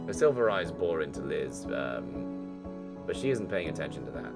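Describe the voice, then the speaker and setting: A man's voice: a bass voice, sing-song, normal speed, over loud music. A young man narrating a story game aloud and reacting casually, with frequent swearing. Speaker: game streamer. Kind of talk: let's-play narration and commentary.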